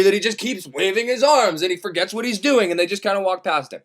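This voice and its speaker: A man with a fairly high voice tells an old epic in a loose, irreverent way. He swears freely and throws in wry asides as he goes. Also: quick pace, few pauses, fairly bright tone. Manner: casual, profane, wry asides. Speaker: storyteller. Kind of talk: irreverent comic retelling of a classic.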